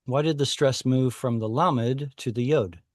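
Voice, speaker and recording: A man teaching a Hebrew class online over a video call, explaining patiently and thinking aloud with pauses. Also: mid-range voice, a little mellow, dry recording, studio quality.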